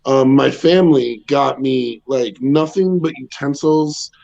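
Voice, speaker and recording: A man in his thirties with a loud, bassy voice, doing a rambling stand-up set from home with lots of ums and chuckles. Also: slow pace, creaky, lo-fi sound. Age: 30s. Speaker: stand-up comedian. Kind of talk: casual stand-up set over video call. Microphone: home video call.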